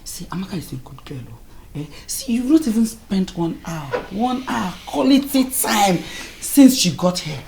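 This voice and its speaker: A middle-aged woman with a Nigerian accent playing a fussy, scheming mother-in-law in a Nollywood film, coaxing and slipping into hushed asides. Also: mid-range voice, sing-song, unhurried, gravelly, hardly any pauses, a little hiss or hum. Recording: echoey room with crowd murmur.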